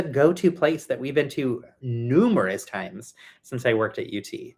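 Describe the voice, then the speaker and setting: A man's voice: mid-range voice, animated, unhurried, vocal fry, few pauses. Chatty man thinking aloud mid-build. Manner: chatty and rambling, thinks out loud, answers viewers. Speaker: livestream host building toy sets. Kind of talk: casual live chat while building. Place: home.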